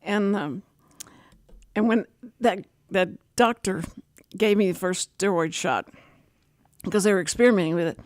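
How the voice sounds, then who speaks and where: A woman hosting a talk radio show, telling personal stories in a rambling, animated way. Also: mid-range voice, normal speed, pauses often, no room sound, studio quality. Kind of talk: casual talk radio chat.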